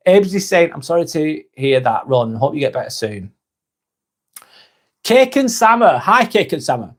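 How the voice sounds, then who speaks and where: A man hosting a casual live vlog, reading viewer comments aloud and chatting back to them. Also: fairly high pitch.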